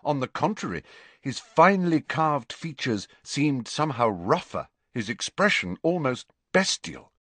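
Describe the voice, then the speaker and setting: A man giving a deliberate scripted audiobook narration in an even storytelling manner. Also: medium pitch, no echo.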